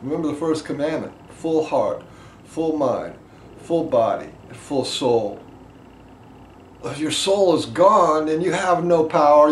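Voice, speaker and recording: A man teaching a group about emotional release, impassioned, swinging between loud emphasis and quiet asides. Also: on the high side. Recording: echoey room with faint background noise.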